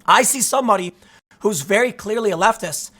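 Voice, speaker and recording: A man hosting casual political commentary, rambling and animated, repeating himself and acting out imagined exchanges. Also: high voice, a little fast. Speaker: commentary host.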